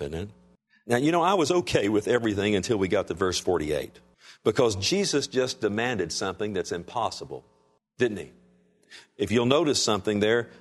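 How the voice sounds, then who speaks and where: Man preaching with swinging loudness. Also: on the low side. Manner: preachy call-and-response, asks the congregation "Amen?"; swings between raised emphatic lines and hushed soft ones. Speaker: pastor. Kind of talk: sermon. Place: church sanctuary.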